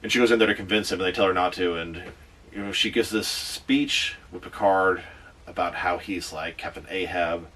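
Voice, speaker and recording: A man with a very low voice gives a casual, animated movie recap, tossing in quick asides. He sits a little back from the microphone, so his voice sounds slightly distant. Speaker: movie reviewer.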